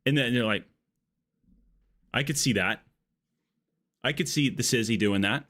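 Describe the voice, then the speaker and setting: A man's voice: medium pitch, unhurried, fairly bright tone. A man hosting a live gaming stream, chatting casually and joking as he wanders off on tangents. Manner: rambling, joking, goes off on tangents. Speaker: livestream gaming host. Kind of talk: casual live gameplay chat. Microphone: earbud mic.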